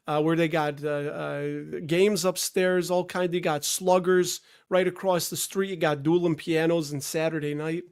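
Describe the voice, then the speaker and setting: A man from the Chicago area talks through a live stream while getting over a cold. His voice sits somewhat high, and his chat wanders, full of restarts and asides to the chat. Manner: rambling, self-interrupting, greets chatters. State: stuffed up from a cold.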